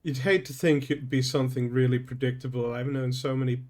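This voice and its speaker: A man's voice: mid-range voice, fairly even intonation, fairly quick, a little mellow. A man playing a tabletop role-playing game, polite and hesitant, with many fillers. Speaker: player. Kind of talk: tabletop role-play in character.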